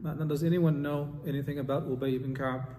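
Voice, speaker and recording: A man's voice: fairly high pitch, fairly even intonation, fast, warm tone. A man teaching an Islamic study class, reading quotes aloud and putting questions to his students. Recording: long hall reverb, faint ambience.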